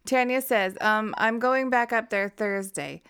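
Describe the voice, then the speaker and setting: Woman podcast co-host, clear smooth voice, casual and profane, reads transcripts aloud. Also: fairly high pitch, a little slow, a bit bright. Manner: laughs often, swears casually.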